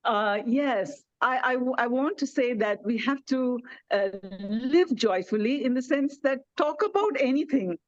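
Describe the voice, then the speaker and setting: Gentle woman on a lo-fi video call. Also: sits high, expressive, a little slow, few pauses, no room sound. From India. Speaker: wellness speaker. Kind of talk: online talk to elders. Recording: dull lo-fi video call audio.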